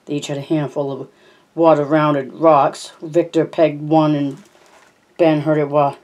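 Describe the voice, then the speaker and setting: A homemade audiobook narration at a middle pitch with a warm, dark tone. The reader trips over words now and then and backs up to fix them. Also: flat delivery, a little slow. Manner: frequent stumbles and self-corrections. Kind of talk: reading a novel aloud.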